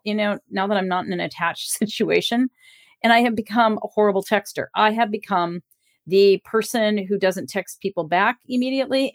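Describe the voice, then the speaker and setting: A woman hosting a solo podcast as a relationship coach, speaking candidly about her own life in a loose, conversational way with casual swearing. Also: mid-range voice. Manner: candid, self-disclosing, casually profane.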